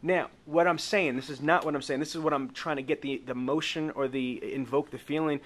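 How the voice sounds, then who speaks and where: Emphatic male sales trainer, slightly high voice. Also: steady tone, fairly quick, fairly bright tone. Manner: emphatic, coaching delivery that stretches key words; asks the group for agreement. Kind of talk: live sales training with role-play.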